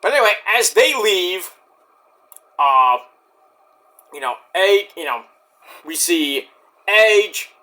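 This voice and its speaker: A man's voice: high voice, big pitch swings, slow pace, long pauses, sharp tone. A man reviewing a wrestling show in casual chat, rambling, sarcastic and profane.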